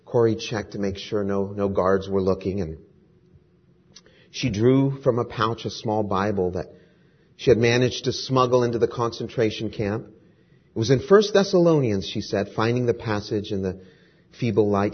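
A man's voice: fairly low pitch, normal speed, husky, dull audio. A male pastor praying and then telling a story earnestly during a sermon.

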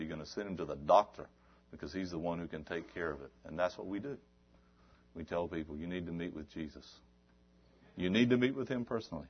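A man preaching a sermon, shifting between quiet talk and loud, exhorting passages. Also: fairly low pitch, highs cut off.

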